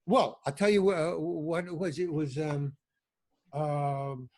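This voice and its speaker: Older guy on a podcast, husky voice sitting a bit high, tells stories and acts out quotes. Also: steady tone, slow pace, darkish tone. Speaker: guest actor. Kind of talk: storytelling in a podcast interview.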